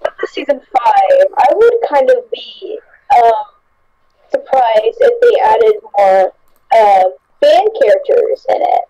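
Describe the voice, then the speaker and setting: A woman chatting casually on a group podcast, hesitant and giggly, with many pauses and ums. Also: a little high, very animated, dark tone, no room sound, dull audio. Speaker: podcast guest.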